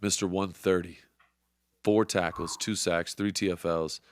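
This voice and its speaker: A man's voice: sits low, fairly even intonation, unhurried, slight background noise. A young man hosting a sports podcast, talking casually with fired-up, profane, motivational energy. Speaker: podcast host.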